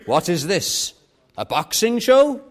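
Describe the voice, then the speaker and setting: A man voicing a rough, blunt dockworker who calls out cheeky questions. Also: high-pitched, very animated, slow, pitched above the performer's own voice, heavily acted. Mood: brash. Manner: blunt, brash.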